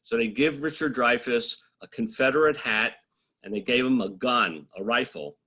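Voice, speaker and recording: A journalist with a sharp-toned, mid-range voice tells funny stories from his reporting career at a moderate pace. His delivery is casual and wry, full of fillers and restarts.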